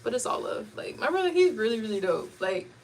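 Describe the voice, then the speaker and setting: A woman hosting a casual live chat, telling stories in an animated way and laughing often. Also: on the high side, fast talker. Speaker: host. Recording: distant mic with faint background noise.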